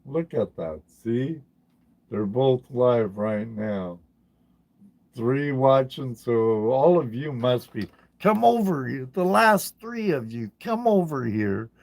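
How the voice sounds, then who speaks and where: A man's voice: medium pitch, lively intonation, slow, gravelly, a little mellow. A man hosting a casual livestream, chatting with viewers by name and often repeating his phrases. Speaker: livestream host.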